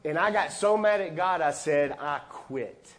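A man preaching a sermon as a pastor, from Texas, swinging between loud, high bursts and quiet, low asides as he acts out conversations. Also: moderate pace. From Texas, USA.

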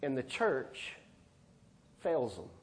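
A man preaching a sermon as a pastor, from Texas, swinging between loud, high bursts and quiet, low asides as he acts out conversations. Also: sing-song, slow. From Texas, USA.

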